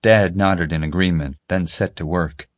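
A man narrating a story as an audiobook in a steady storytelling manner. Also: low-pitched, moderate pace, no echo, clean studio sound. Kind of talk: scripted narration.

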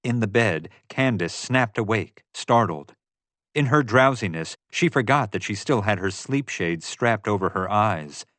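Male audiobook narrator, low pitch, measured first-person delivery, dry sound. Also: expressive, fairly bright tone, dry recording.

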